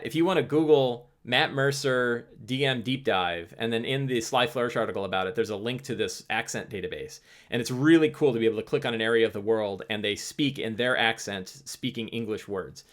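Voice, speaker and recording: A man hosting a live stream, answering chat questions in a loose, rambling way with many restarts. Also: mid-range voice. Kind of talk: casual livestream talk.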